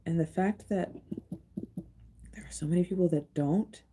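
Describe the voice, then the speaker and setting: A woman with a low voice hosts a casual livestream. She talks in a rambling, emotional way and often restarts her sentences. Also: moderate pace, noisy background. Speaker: livestream host and tarot reader.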